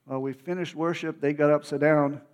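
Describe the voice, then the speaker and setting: A man preaching, telling a story of his own testimony in an emotional, animated way with many restarts. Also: a little high, normal speed.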